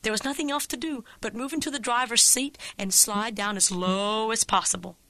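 A woman narrating a comic personal story with a wry, vivid, expressive delivery on a close studio mic. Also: a little high, a little fast, no room sound, rough recording.

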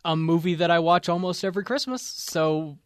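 A man's voice: a little high, fairly quick, clear, resonant tone, dry recording, clean studio sound. A man co-hosting a casual movie talk show with an upbeat, radio-style delivery. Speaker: co-host. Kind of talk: casual chat.

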